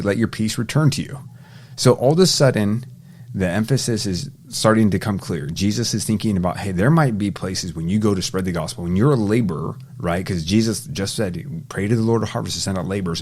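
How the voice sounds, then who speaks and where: Low-voiced guy walking thru bible verses, reads a verse then explains it real casual. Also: a little mellow, husky. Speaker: Bible teacher. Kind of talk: casual Bible study walkthrough.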